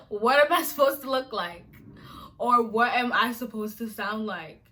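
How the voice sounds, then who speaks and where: Woman vlogger from nigeria, higher voice, exasperated rhetorical questions. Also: lively intonation, a little slow, pushed and bright. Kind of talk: casual to-camera rant.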